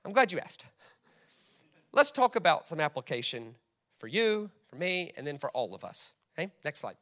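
Man preaching, emphatic sermon delivery, high voice, bright tone. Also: very animated, normal speed. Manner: emphatic preaching, reads scripture aloud. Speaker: pastor.

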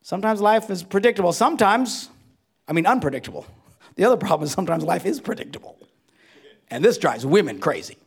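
A middle-aged male pastor tells comic stories from the pulpit with a high, gravelly voice. His delivery swings widely between loud bursts and quiet asides. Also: expressive, quick pace. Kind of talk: humorous storytelling sermon.

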